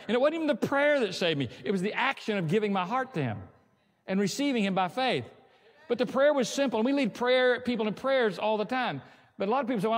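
A man's voice: a little high, big-room sound. A man preaching a sermon as pastor, reading scripture aloud and building to emphatic points. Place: church sanctuary.

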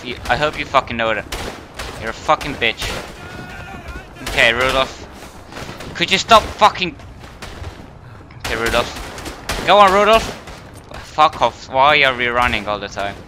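A gamer with a medium-pitched voice narrates his own play in a panicky, profane, self-mocking way. Gunfire and explosions from the game fill the noisy background.

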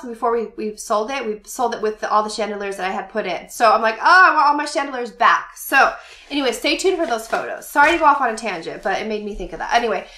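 A woman's voice: fairly high pitch, pushed and bright, roomy sound. A woman in her forties chatting casually to camera at home, rambling through a shopping haul with many fillers and laughs. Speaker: vlogger showing a shopping haul.

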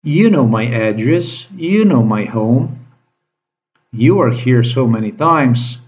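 A man's voice: medium pitch, lively intonation, slow pace, darkish tone. A man delivering a profane, accusing monologue to camera, repeating his phrases as he rants. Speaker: vlogger. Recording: dull lo-fi recording.

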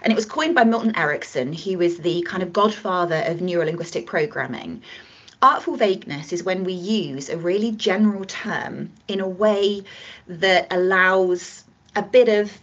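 Woman trainer teaching a workshop, husky voice. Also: lowish voice, moderate pace. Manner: explains with gestures and examples, acts out scenarios. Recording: dull lo-fi recording.

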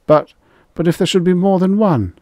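A man's voice: on the low side, expressive, moderate pace, mellow, no room sound, studio quality, pitched above the performer's own voice. A man voicing a frightened male hunter who stammers and pleads. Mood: panicked.

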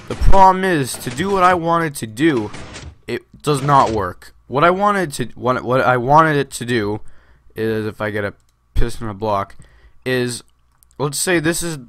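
A man's voice: mid-range voice, a bit bright, dry recording. A man hosting a Minecraft video, giving casual gameplay commentary in a rambling way, full of fillers and restarts.

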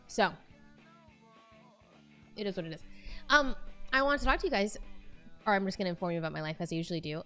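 A woman's voice: medium pitch, fairly bright tone. A young woman streamer chatting casually from her room at home, bubbly and chatty as she thanks viewers by name. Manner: bubbly, chatty, reads viewer names aloud. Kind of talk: casual live-stream chat.

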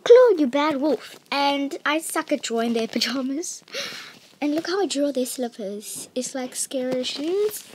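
High-voiced woman rambling through her drawings. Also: lively intonation, a little slow, a little hiss or hum. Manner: rambling storytelling with filler words. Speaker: vlogger showing her drawings. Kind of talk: casual show-and-tell narration.

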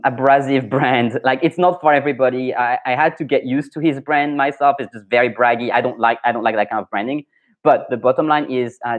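On a casual live stream, a French pronunciation coach answers viewer comments frankly and with strong opinions. He speaks English as a second language, with a French accent and a mid-range voice.

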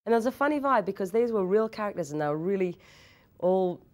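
A young woman in an interview, telling anecdotes in a lively way, laughing often and restarting her sentences. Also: mid-range voice. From Australia. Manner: animated storytelling, laughs often, quick repeated restarts. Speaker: actress interviewee.

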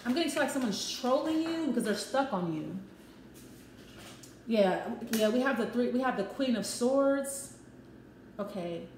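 A woman's voice: fairly high pitch, expressive, a little slow, pauses often, darkish tone. A woman giving a casual tarot love reading, chatty and repetitive, with frank, profane asides. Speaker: tarot reader. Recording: echoey room with faint noise.

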